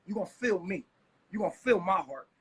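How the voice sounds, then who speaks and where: High husky man ranting, swearing. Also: expressive, brisk, poor audio. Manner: profane, agitated, bursts into shouting. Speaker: live streamer. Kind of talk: heated live stream rant.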